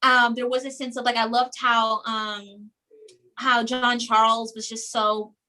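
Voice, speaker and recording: A young woman from New York, a guest telling stories in a casual interview, animated and often repeating words. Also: on the high side, measured pace. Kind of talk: casual chat.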